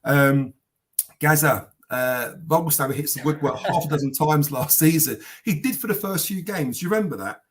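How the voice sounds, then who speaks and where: A man's voice: fairly high pitch, moderate pace. A man hosting a live podcast, chatting casually, rambling and swearing as he reads out viewer comments. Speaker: podcast host. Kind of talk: casual live-stream chat.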